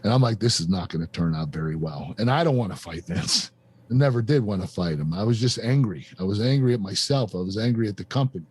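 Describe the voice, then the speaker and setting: A man's voice: on the low side, animated, darkish tone, slightly rough. Emotional man telling his story. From United States. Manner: emotional, halting, many fillers and restarts. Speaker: guest, former pro wrestler. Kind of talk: candid personal storytelling.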